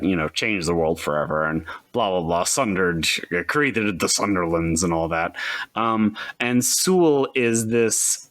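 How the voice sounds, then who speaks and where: A man co-hosting a casual tabletop gaming podcast, rambling through explanations with many pauses. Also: fairly low pitch, dry recording. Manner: rambling, hesitant, many fillers. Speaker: podcast co-host.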